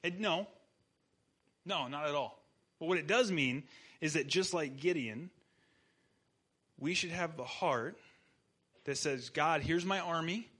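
A man preaching a sermon in a casual, animated storytelling manner as pastor. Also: a little high, takes it slowly, long pauses, slightly rough.

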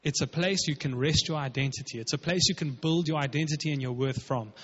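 A man's voice: fairly high pitch, fairly quick, fairly bright tone, husky. A man preaching a sermon as pastor, emphatic and conversational, acting out quotes. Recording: dull, lo-fi with long hall reverb.

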